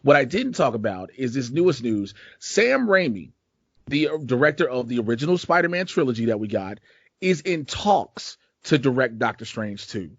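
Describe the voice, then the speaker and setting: A man's voice: medium pitch, very animated, moderate pace, slightly rough, dry recording. Laid-back profane male podcast host. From Chicago. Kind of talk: casual podcast chat. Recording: dull lo-fi dry sound.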